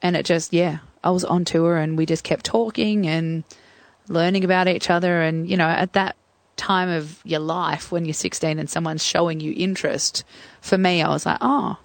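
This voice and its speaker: A young Australian woman speaking candidly, her voice carrying a gravelly edge. She recalls her story with hesitations and fillers, close to the mic in a dry studio. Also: on the low side, steady tone, normal speed, dry recording. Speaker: guest. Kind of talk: reflective storytelling interview.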